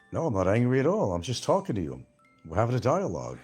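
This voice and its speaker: A man's voice: lowish voice, wildly swooping pitch, a little fast, a little mellow, breathy edge, soft background music. A man hosting a casual livestream and answering viewer comments in a blunt, profane, combative way. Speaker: livestream host.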